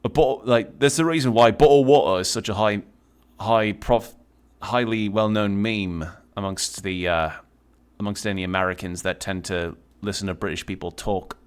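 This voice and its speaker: A young man with a slightly low voice talks through his game stream in a loose, rambling way. He drifts between chatter and reactions to play, dropping frequent swear words. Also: normal speed, clear, resonant tone. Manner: rambling, swears often while playing. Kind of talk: casual let's-play commentary.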